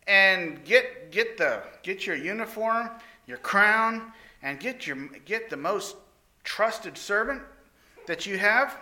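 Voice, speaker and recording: A man's voice: high voice, pushed and bright, pitched above the performer's own voice, exaggerated voice. A man voicing a vain, scheming royal official who talks smugly and stumbles over his words. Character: vain scheming male royal official, smug and self-important.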